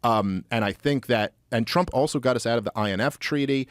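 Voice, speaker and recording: A man talking as a podcast guest in casual political chat, animated and full of fillers and restarts. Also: mid-range voice, brisk, dry recording, clean studio sound.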